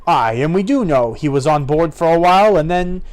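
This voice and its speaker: A man's voice: on the high side, animated, brisk, a little mellow, pitched above the performer's own voice, close to an everyday voice. A man voicing a boastful, mocking pirate with a growling pirate accent while reading game dialogue on a stream. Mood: gloating. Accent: put-on pirate accent. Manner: pirate dialect, growling, swaggering. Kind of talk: live-streamed game playthrough.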